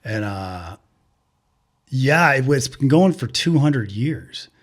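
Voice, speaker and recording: A man's voice: mid-range voice, animated, slow. A man co-hosting a podcast, telling stories in rambling, profane casual chat full of fillers. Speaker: podcast co-host.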